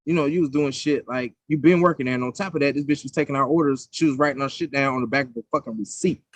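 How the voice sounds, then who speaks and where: A man's voice: mid-range voice, fast talker, dry recording. A young man co-hosting a podcast, telling stories in a casual, profane, heated way. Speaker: podcast co-host. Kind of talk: casual chat.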